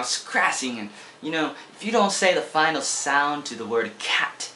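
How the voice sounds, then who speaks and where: A man's voice: a little high, expressive, moderate pace, sharp tone, roomy sound, slight background noise. An American man in his twenties, an English teacher from Oregon, talking in a rambling, playful way in a casual teaching vlog. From Oregon, USA. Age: 20s. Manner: rambling, playful, repeats words as he goes.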